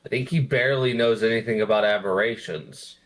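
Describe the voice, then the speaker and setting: A man's voice: lowish voice, fairly quick. A young man playing a character in a tabletop game, chatting casually, swearing and poking fun at himself. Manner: swears casually, self-mocking. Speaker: player.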